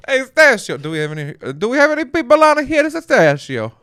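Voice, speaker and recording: A man's voice: very high voice, big pitch swings, fast talker, bright, forceful tone, clean tone, no room sound, clean studio sound. A man from the American Midwest hosting a late-night comedy chat, teasing his guest, laughing often and swearing freely. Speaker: podcast host.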